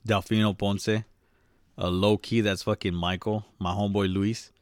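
Young male co-host, laid-back and jokey, slightly low voice, dry close mic. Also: flat delivery, normal speed, smooth, no room sound. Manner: joking, loose, swears freely. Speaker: podcast co-host. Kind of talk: casual chat.

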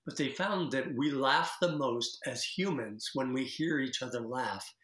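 A man's voice: medium pitch, measured pace, a bit bright. Guy chatting about laughing, playful, voice bouncing around a roomy space. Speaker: guest, laughter practice teacher. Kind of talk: casual interview chat.

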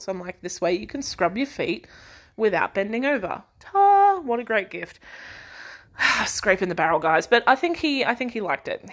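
A woman's voice: medium pitch, a bit bright. Young woman, chatty rambling podcast host, laughs and sighs. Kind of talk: casual chat.

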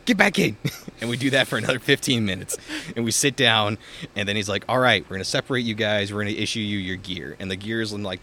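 Casual young male co-host, low-pitched, rambles with fillers and cussing, faint outdoor noise. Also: bright, forceful tone. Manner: rambling storyteller, heavy filler words and swearing. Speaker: podcast co-host. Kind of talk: casual chat. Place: outdoors in a backyard.

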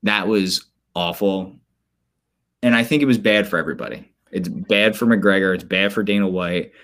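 A man co-hosting a podcast, chatting casually about sports with animated storytelling and quick asides. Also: deep voice. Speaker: podcast co-host.

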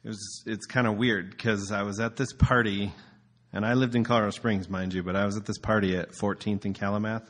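A man's voice: on the low side, fairly even intonation, a little fast. A man preaching casually as a pastor, telling a story in a loose, conversational way with filler words.

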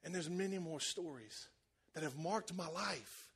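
Man, pastor, sermon storytelling, high voice, animated, acts out characters. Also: a little slow, husky.

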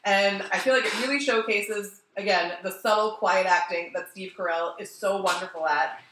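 A woman's voice: medium pitch, steady tone, moderate pace, fairly bright tone, roomy sound, slight background noise, poor audio. A woman co-hosting a casual podcast chat, animatedly recapping a TV episode, laughing and swearing as she goes. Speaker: podcast co-host.

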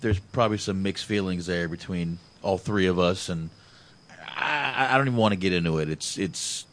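Male podcast host, lowish voice, laid-back and swearing, stumbles over his words. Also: moderate pace. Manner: relaxed, profane, hesitant restarts. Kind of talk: casual podcast chat.

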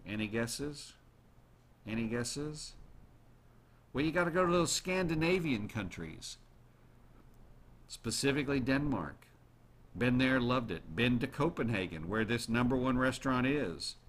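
Guy hosting a talk show, chatty and lively, keeps asking the audience stuff. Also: medium pitch, a little slow, long pauses, slight background noise. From United States. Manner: chatty, animated, asks the audience questions. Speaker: radio show host. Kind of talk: casual monologue to listeners.

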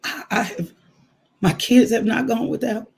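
A minister with a high, husky, gravelly voice gives a devotional that feels like a chat over coffee, shifting between preaching and personal testimony. He speaks unhurriedly, telling stories animatedly and laughing often.

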